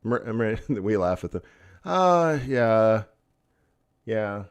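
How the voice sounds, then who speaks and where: A man's voice: lowish voice, very animated, extremely slow, clear, resonant tone, muffled recording. A man hosting a live forex trading stream, talking casually, laughing often between loose, rambling thoughts. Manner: chatty, laughs often, fillers and restarts.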